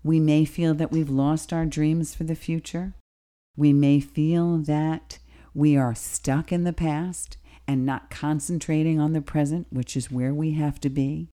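A woman from the Bronx hosting a radio talk show, giving slow, deliberate advice to listeners. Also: low-pitched, steady tone, mellow. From Bronx, New York.

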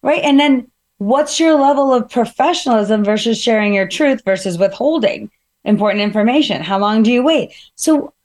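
A woman with a bright, high voice shares a personal reflection in the style of a keynote speaker. She is earnest and self-questioning, working her thoughts out aloud with casual fillers. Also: expressive, moderate pace.

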